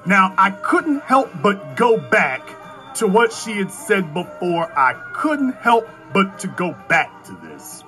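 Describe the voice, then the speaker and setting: A man's voice: sits high, very animated, takes it slowly, sharp tone, faint music behind. A man giving heated political commentary, fiery and ranting, firing off rhetorical questions.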